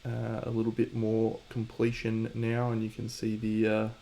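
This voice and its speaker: Laid-back Australian man, low voice. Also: monotone, normal speed, gravelly, mellow. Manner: laid-back, joking, mock-boastful, swears casually. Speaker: streamer painting miniatures. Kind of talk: casual live-stream chat to viewers.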